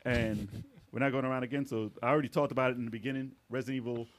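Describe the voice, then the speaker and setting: A man in casual podcast chat, telling relaxed stories about video games and quoting his own past reactions. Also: medium pitch, rapid-fire. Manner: laid-back storytelling, quotes his own past reactions. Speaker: podcast guest or co-host.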